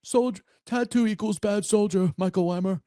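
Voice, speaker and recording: A man's voice: high-pitched, moderate pace, warm tone, dry recording, studio quality, pitched above the performer's own voice, natural voice. A man doing an impression of a simple-minded older sergeant major who repeats one blunt phrase. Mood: indignant.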